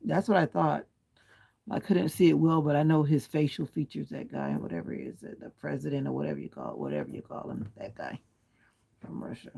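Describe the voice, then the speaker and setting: A man hosts a relaxed livestream from home, lying back with a pillow and comforter, answering viewer comments one at a time and politely but firmly asking for clean language. His fairly high voice is expressive and fairly quick, with vocal fry, a dark tone, and slight roughness.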